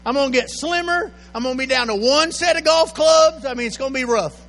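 An older man, preaching a sermon that swings from quiet storytelling to loud, shouted exhortation. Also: extremely high pitch, a little fast. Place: church sanctuary. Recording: echoey hall with faint mains hum.

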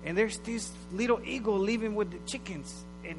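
A high-voiced man preaches in a loose, conversational way and tells his stories with animation. His voice carries a long church-hall reverb, and a loud mains hum runs underneath. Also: normal speed. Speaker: pastor. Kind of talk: sermon.

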